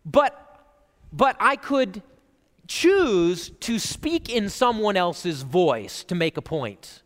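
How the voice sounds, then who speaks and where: A male pastor preaching a conversational sermon in a church, animated and chatty, full of "like" and "right?" asides. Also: high voice. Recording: reverberant church hall.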